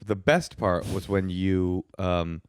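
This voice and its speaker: A man co-hosting a podcast from home, chatting casually with wry, deadpan storytelling. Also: deep voice, slow, clear, resonant tone, no echo, clean studio sound. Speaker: podcast co-host. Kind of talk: casual chat. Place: home studio.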